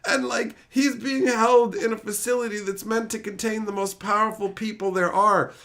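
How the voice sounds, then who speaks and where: A man's voice: sits high, level tone, normal speed, vocal fry, a bit bright. A man streaming a casual, profane rant, sounding exasperated and incredulous.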